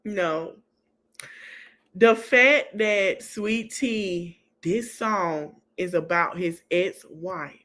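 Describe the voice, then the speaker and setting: A woman's voice: on the low side, extremely slow. Sassy woman podcast host dishing gossip. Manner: sassy, animated gossip, breaks into laughter. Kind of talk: casual reality TV recap.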